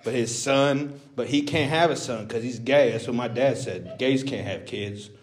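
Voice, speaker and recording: A man's voice: mid-range voice, moderate pace, close to an everyday voice. A male comedian voicing a crude, rambling Texas redneck character on stage. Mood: mock-friendly. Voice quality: crude, drawling, self-mocking patter. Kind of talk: stand-up character bit.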